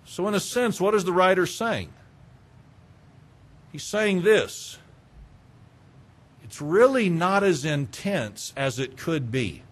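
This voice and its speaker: A middle-aged male pastor preaching a sermon, animated, swinging between loud urging and quiet asides. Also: high voice, slow pace, long pauses.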